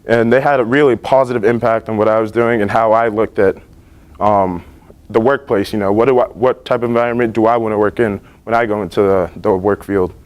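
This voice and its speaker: A young man in his late teens giving a class presentation about his internships, earnest and relaxed, with many fillers and restarts. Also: lowish voice, a little fast. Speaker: student presenter. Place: school library.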